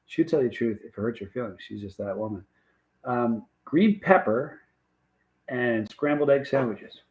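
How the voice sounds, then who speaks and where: A man's voice: mid-range voice, normal speed, darkish tone, low-quality recording. A man hosting a livestream, rambling in a folksy, casual way and reading out viewer comments. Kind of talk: casual chat.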